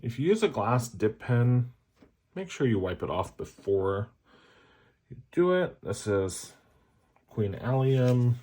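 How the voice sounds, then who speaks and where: A man's voice: medium pitch, very animated, slow, pauses often, warm tone. A man chatting casually to viewers as he swatches fountain pen inks, cracking jokes and poking fun at himself. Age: adult, a parent. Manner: jokey, self-mocking, chatty asides. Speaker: fountain pen ink reviewer.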